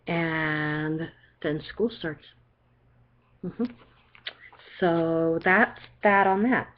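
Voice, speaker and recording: Low-voiced older woman giving a psychic reading. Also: drawn-out words. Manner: chatty, reassuring, checks in with frequent "okay?". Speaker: psychic reader. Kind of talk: one-on-one card reading. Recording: dull lo-fi recording.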